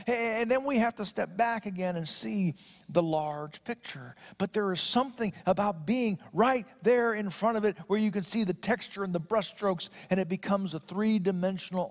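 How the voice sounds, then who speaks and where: A man preaching a sermon. He reads scripture slowly and solemnly, then talks in a conversational way with restarts. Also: sits high. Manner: slow solemn scripture reading. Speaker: pastor.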